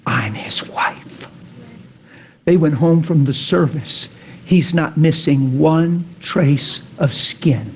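A man preaching a sermon, telling stories dramatically, sinking to a whisper and then rising to excited peaks. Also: a little high, slow, a little hiss or hum.

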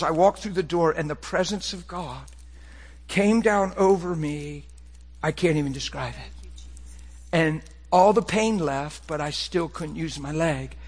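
A middle-aged man preaching a personal testimony, swinging between hushed, quiet passages and excited, impassioned bursts. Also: a little high, husky, in a large hall. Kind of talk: sermon testimony.

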